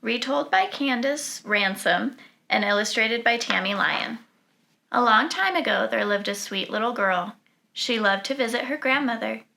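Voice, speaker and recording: A woman reading a children's storybook aloud in an animated, expressive way. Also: a little high, moderate pace, gravelly. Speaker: storybook reader.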